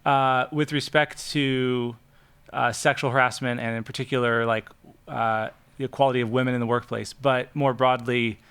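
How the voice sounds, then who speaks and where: Roundtable guest, man, smooth clear voice, thoughtful and earnest. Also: mid-range voice, fairly even intonation, fairly bright tone. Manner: measured, earnest, restarts mid-sentence. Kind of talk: casual roundtable chat.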